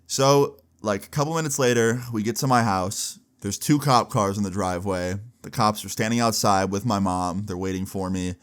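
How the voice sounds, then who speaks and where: Animated young man telling a story. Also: fairly low pitch, moderate pace, few pauses, smooth. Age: teens. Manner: animated retelling, acts out quoted voices. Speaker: storytelling vlogger. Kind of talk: casual storytime.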